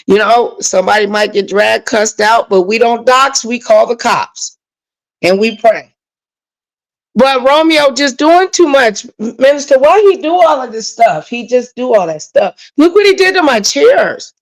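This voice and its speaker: Woman, livestream host, AAVE, higher voice, emotional, on a rant, talking back to chat. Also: expressive, a little slow, low-quality recording.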